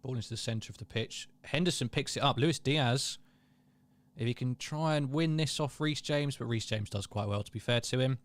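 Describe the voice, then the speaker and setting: At a mid-range pitch and moderate pace, this young man hosts a casual live match watchalong. He calls the play, reads viewer comments aloud, and stays chatty and self-deprecating throughout.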